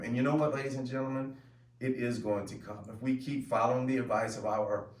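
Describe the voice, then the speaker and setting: A middle-aged man hosting a casual home show, telling stories in a lively, chatty way with plenty of fillers. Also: mid-range voice. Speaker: host. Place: home room with family. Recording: echoey room, mic at a distance.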